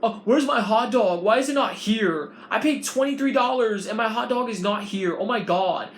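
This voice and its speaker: A podcaster acting out a rude, impatient man who loudly complains about a late hot dog. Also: high-pitched, moderate pace, a little hiss or hum, voice pushed up. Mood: irate. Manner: loud, whiny complaining. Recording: roomy, with faint ambience.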